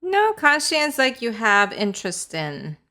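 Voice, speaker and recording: Calm woman explaining words. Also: a little high, measured pace. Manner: calm, explains word meanings simply. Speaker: co-host, Japanese teacher. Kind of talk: language lesson chat.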